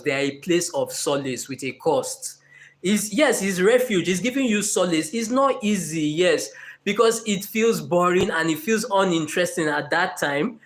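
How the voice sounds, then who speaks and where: A man speaking on a motivational live session with an unusually high voice for a man. He is earnest and animated and slips in playful asides to keep his audience with him. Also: normal speed.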